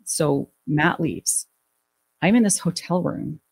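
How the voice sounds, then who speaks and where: A middle-aged woman telling an emotional personal story in an interview, halting and restarting her sentences. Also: low-pitched, darkish tone, slightly rough, poor audio. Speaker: guest recounting a family death.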